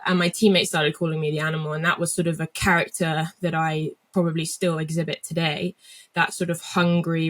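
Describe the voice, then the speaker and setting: Reflective young woman telling her story. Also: sits low. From England. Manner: reflective, with frequent fillers and restarts. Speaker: guest athlete. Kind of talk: conversational interview storytelling.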